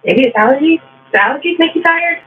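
Give me a chatty, high-voiced man on a tinny live stream. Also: animated, quick pace, recorded from a distance. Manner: chatty, repeats phrases, teases himself. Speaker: livestream sewing host. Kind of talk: casual chat with live viewers while sewing. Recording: tinny phone-like line with faint mains hum.

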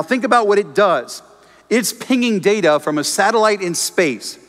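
A man preaching a sermon as pastor, telling stories with humor and acting out the voices of the people he quotes. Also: fairly high pitch. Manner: animated storytelling, acts out quoted voices, jokes with congregation. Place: church auditorium. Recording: long reverb of a church hall.

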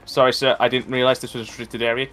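A man's voice: medium pitch, little pitch movement, very fast, fairly bright tone. A man co-playing on a game stream, goofing around and teasing the characters he meets. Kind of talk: casual gaming stream chat.

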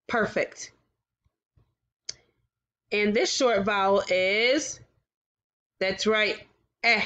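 A woman teaching a recorded phonics lesson to young children, sounding out vowels and letters clearly and encouraging them. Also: mid-range voice, extremely slow, pauses often, a bit bright. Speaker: kindergarten teacher.

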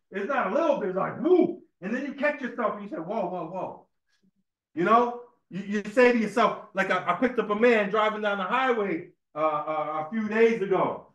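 High-voiced man preaching in an echoey room. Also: a bit bright. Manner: conversational, repeats words, asks listeners "right?". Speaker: speaker at a religious temple meeting. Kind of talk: informal sermon with personal stories. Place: temple meeting room.

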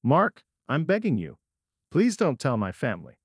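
A man's voice: medium pitch, huge pitch swings, moderate pace, slightly rough, dry recording, studio quality. A man voicing a shaken, guilty best friend who stammers and begs. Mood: begging. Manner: stammering and begging.

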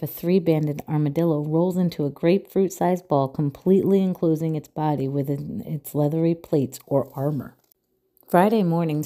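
A woman reading a children's picture book aloud with clear, expressive storytelling. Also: low voice.

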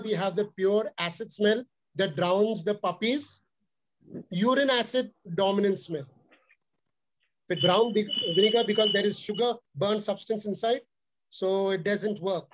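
A middle-aged man with an Indian accent, earnestly lecturing dog owners in a webinar and repeating his key points. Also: high-pitched. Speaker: dog trainer giving a webinar talk. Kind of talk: instructional webinar talk.

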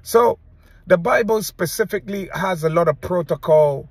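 A man preacher giving an earnest, halting testimony to camera, often restarting his sentences as he recounts visions. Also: sits high, husky.

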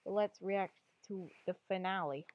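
A woman's voice: medium pitch, measured pace, a little mellow, no room sound, lo-fi sound. A woman giving casual, rambling reaction commentary on videos, jumping from one topic to the next. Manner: rambling, jumps between topics.

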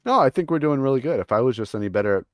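A man's voice: medium pitch, lively intonation, very fast, no echo, studio quality. A man hosting a casual co-op game session, chatty and amused, laughing often. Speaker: gaming channel host. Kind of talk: casual co-op gaming chat.

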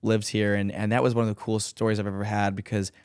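A man guesting on a podcast, telling lively stories full of fillers and putting on high voices for quotes. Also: fast, clean tone, no echo, studio quality. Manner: animated storyteller, acts out quotes in high voices, many fillers. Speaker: podcast guest, professional dancer. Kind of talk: casual chat, storytelling.

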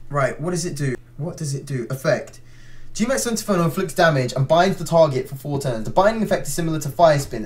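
Exasperated young man ranting over a game. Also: a little high. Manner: exasperated ranting, thinking aloud; frequent restarts and swearing under his breath. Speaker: gaming channel host. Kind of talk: let's play commentary.

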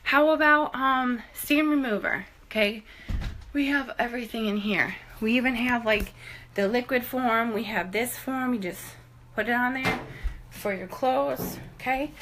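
Her voice is fairly high and a bit bright, with a little hiss or hum in the recording. A woman in her thirties, she walks room to room on a casual house tour for the camera, chatty, upbeat and slightly breathless, often asking "okay?" and saying "guys."

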